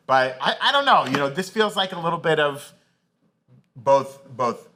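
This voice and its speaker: A man's voice: on the high side, animated, normal speed, sharp tone. A man co-hosting a casual chat show, rambling through his thoughts with lots of "you know" asides. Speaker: podcast co-host.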